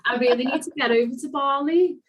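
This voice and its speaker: A woman's voice: sits high, quick pace, slight background noise. A woman with a Scouse accent hosting a podcast, talking in an effusive, enthusiastic way. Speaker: podcast host. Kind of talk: casual interview chat.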